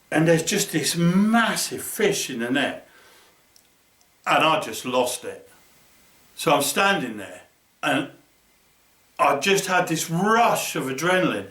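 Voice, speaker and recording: A middle-aged man from Norfolk, England, tells an animated fishing story, laughing and imitating his friends' voices. His voice is a little high with a fairly bright tone, and the distant mic makes it sound reverberant.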